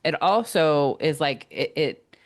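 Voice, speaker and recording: A woman hosts a casual podcast, and her speaking voice sits very low. She thinks aloud in an agreeable, reflective way. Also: lively intonation, slow pace. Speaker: podcast host.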